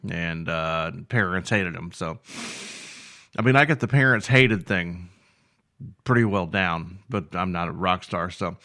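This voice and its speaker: A man's voice: low-pitched, a bit bright. A man hosting a music review show, chatting casually and rambling with self-deprecating jokes, having just woken up. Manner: rambling, self-deprecating, full of fillers and repeats.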